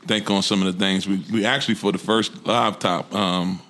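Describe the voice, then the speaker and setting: A man co-hosting a casual podcast, relaxed and thankful, with hesitant fillers as he talks. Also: sits low, moderate pace. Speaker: podcast co-host. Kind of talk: casual live podcast chat.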